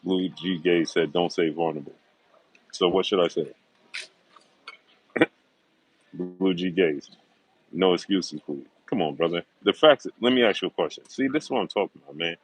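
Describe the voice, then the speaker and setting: A man's voice: low voice, expressive, moderate pace, breathy edge, low-quality recording. A middle-aged man hosting a sports livestream, greeting viewers by name and making confident, emphatic predictions, repeating himself for stress. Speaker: sports talk show host.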